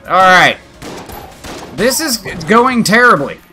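A man narrates his gameplay in a bright, keen voice, swinging his pitch wildly as he reacts. He swears when things go wrong and cheers when they go right, in an excitable let's play style. Faint game music plays under him. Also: slow. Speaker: gaming channel host.

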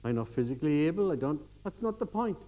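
A man's voice: on the high side, big pitch swings, fast, lo-fi sound. Older man preaching a homely sermon. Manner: homely storytelling, swings from quiet to emphatic.

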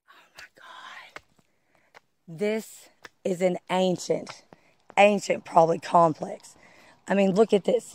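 A woman with a medium-pitched, somewhat dark voice, recorded dry, vlogs on a wooded trail while filming with the phone in her hand as she walks. She breathlessly exclaims and keeps eagerly urging viewers to look in this excited walking vlog.

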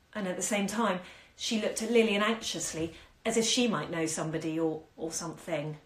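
During lockdown, a woman who owns a bookshop streams herself reading a short story from home, lightly acting out the characters' lines. She speaks briskly in a lowish voice, and the phone stream picks up room echo.

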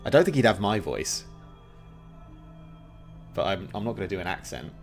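Chatty male streamer, fairly low voice. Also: big pitch swings, normal speed, faint music behind. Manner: chatty, laughs often. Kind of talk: casual chat while gaming.

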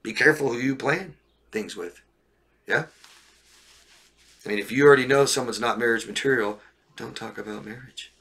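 A man's voice: medium pitch, moderate pace, pauses often, fairly bright tone, husky. A man coaching on relationships during a live stream, reading viewer questions and answering bluntly, often checking in with "right?" and "okay?".

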